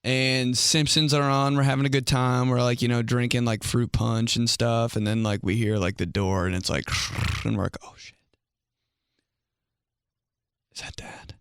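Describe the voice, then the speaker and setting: A man's voice: medium pitch, level tone, moderate pace, clean tone, no echo. A young man telling casual comic stories about himself, rambling, full of fillers and laughing at his own jokes. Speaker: comedian. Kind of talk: casual comedic storytelling monologue.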